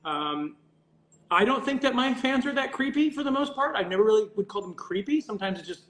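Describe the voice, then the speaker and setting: Chatting away on a livestream while signing autographs for fans, a voice actor rambles, interrupts himself and tosses out joking swears. He sounds very high-pitched, animated and brisk, with a fairly bright tone in reverberant acoustics.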